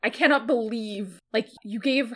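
Woman co-host with quick reactions. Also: a little high, fairly bright tone. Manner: quick reactive comments, laughing. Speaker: podcast co-host. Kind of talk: casual chat.

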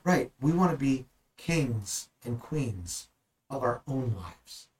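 A man's voice: medium pitch, sing-song, takes it slowly, husky, poor audio. A man teaching the Bible in a conversational way, earnest and at times emphatic. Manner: earnest, rising to emphatic bursts.

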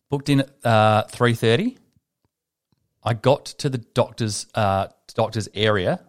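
A man, a podcast host telling a long rambling story in casual chat, swearing freely. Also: on the low side.

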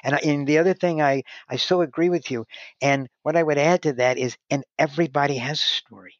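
A man guest tells stories in casual conversation, rambling and often restarting his sentences, with heavy "you know" filler. His voice is a little high and fairly quick. The recording is dull, lo-fi, and dry, with no room sound.

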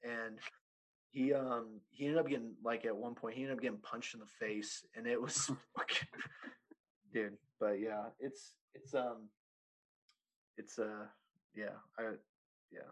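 A man's voice: mid-range voice, fairly even intonation, unhurried, long pauses, poor audio. A man in his thirties telling a story in casual chat, rambling, swearing and laughing often. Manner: profane, rambling, laughs often, says "dude" constantly.

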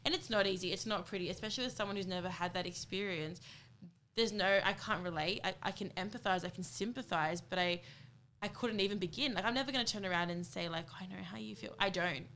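A woman's voice: medium pitch, quick pace, a bit bright, a little hiss or hum. A woman co-hosting a podcast, talking earnestly and from the heart in a candid conversation. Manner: earnest, heartfelt, retells friend's words. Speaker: podcast co-host.

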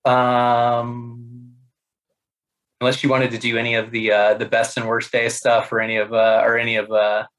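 A man in casual conversation, telling funny work stories in an animated way, laughing often, with many fillers and restarts. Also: mid-range voice, moderate pace, poor audio. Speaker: podcast guest. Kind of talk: casual storytelling.

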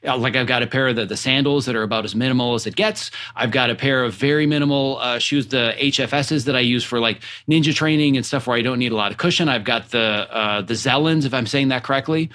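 A man's voice: medium pitch, quick pace, few pauses, fairly bright tone. A man hosting a podcast interview in a chatty, enthusiastic way. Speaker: podcast host. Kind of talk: casual interview.

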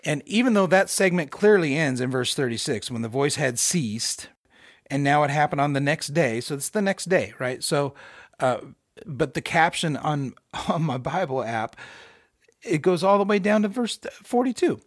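A middle-aged man giving an informal, conversational Bible teaching with emphatic rhetorical questions and bursts of excitement. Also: fairly high pitch, moderate pace, no echo, studio quality. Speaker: podcast host teaching scripture.

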